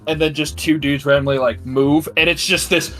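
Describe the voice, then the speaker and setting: A man's voice: fairly high pitch, steady tone, normal speed, fairly bright tone, faint music behind. Rambling man in his thirties. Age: 30s. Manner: rambling storytelling, swears freely. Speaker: podcast co-host. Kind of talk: casual crude banter.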